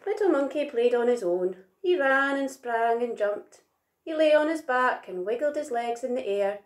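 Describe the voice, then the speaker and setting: A woman reading a children's picture book aloud in an expressive, gentle way. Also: on the high side, moderate pace. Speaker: storyteller. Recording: roomy echo.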